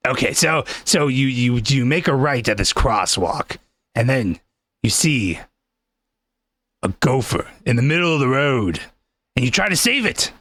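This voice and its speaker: A man voicing a touchy, grandiose male fortune teller, making slow, solemn pronouncements and snapping commands in a comedy bit. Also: mid-range voice, big pitch swings, fairly bright tone, no room sound, clean studio sound. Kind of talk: comedic improv character.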